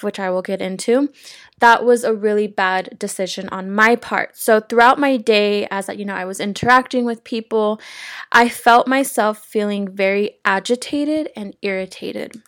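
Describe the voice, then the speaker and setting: A woman's voice: medium pitch, dry recording, studio quality. A young adult woman hosting a casual wellness podcast, earnest and effusive, a little out of breath. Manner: earnest, effusive and grateful, repeating words for emphasis. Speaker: podcast host.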